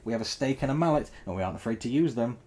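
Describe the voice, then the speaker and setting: A man voicing Tails, an excitable young male fox sidekick who babbles in a panic. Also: medium pitch, very fast, husky, pitched above the performer's own voice. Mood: anxious.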